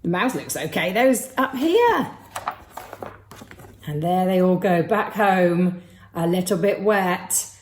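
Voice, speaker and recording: Woman, children's teacher, sing-song and encouraging, very lively pitch, roomy echo. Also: takes it slowly, pauses often, slight background noise. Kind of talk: lively lesson for young children. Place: home room with a child helper. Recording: echoey room, mic at a distance.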